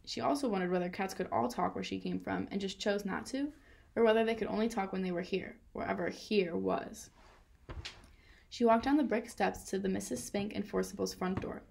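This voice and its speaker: A woman reading a children's novel aloud in a steady storytelling manner. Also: mid-range voice, a little fast, vocal fry. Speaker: reader.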